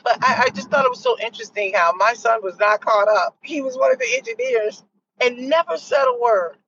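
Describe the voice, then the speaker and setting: A middle-aged woman hosting a podcast, telling a story in a casual, animated way and acting out what others said. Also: fairly high pitch, brisk. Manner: animated, acts out others' lines with laughs. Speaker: podcast host. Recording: distant muffled mic with faint noise.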